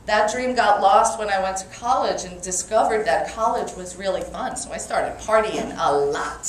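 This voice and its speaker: A woman with a Brooklyn accent giving a lively motivational talk to a live audience and calling for their answers. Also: mid-range voice, normal speed, hardly any pauses. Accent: New York (Brooklyn). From Brooklyn, New York. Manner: energetic, playful, calls for audience response. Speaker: motivational speaker. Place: meeting room with an audience. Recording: echoey room from far off, faint noise.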